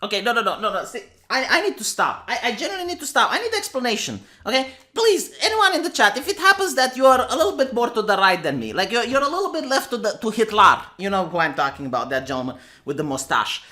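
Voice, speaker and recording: Reading out posts in an exasperated, sarcastic rant, a commentary streamer from Romania keeps repeating herself. She talks quickly with hardly any pauses, her fairly high voice sing-song and sharp in tone.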